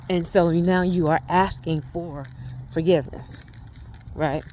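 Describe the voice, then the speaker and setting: Middle-aged female coach, casual teaching delivery, low-pitched, faint noise floor. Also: steady tone, a little slow, mellow. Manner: conversational, frequent "right?" check-ins. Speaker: family life coach.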